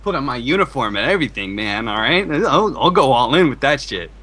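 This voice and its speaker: Man, esports play-by-play caster, bright punchy tone, playful banter. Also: mid-range voice, fairly quick. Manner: joking, excitable banter. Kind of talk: game commentary.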